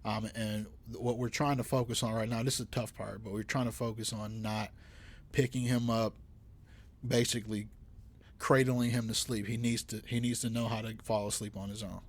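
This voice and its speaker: A man's voice: fairly low pitch, little pitch movement, moderate pace. A young man co-hosting a podcast, talking casually with restarts and teasing banter. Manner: rambling, many restarts, teasing. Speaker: podcast co-host. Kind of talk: casual chat.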